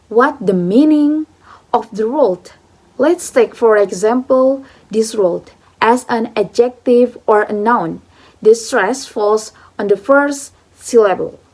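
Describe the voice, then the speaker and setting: A woman's voice: a little high, a little mellow. A young woman, a student, explaining a phonology lesson in a careful, hesitant way, with frequent fillers. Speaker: student presenter.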